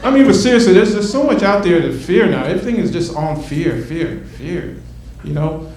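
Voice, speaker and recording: A man's voice: high-pitched, moderate pace. Man doing stand-up in an echoey club. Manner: animated, acts out bits with shifting loudness. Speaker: stand-up comedian. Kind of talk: stand-up comedy set. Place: comedy club stage. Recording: echoey room from a distant mic, noisy.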